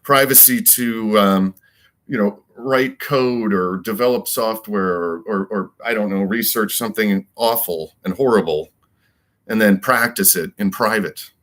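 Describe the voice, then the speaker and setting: Man, low-pitched, rambling monologue, emphatic, repeats himself, asks rhetorical questions. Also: unhurried, fairly bright tone. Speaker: political commentator.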